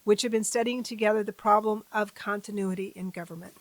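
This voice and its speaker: A woman hosting a civics channel, reading a formal testimony aloud at a deliberate pace and breaking off for chatty asides to her viewers. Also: medium pitch, fairly even intonation, dry recording, poor audio.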